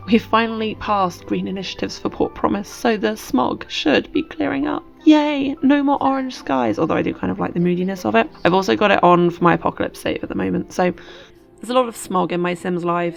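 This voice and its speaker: A woman's voice: mid-range voice, brisk, gravelly, faint music behind. A woman, a host chatting playfully through casual game commentary. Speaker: let's play host.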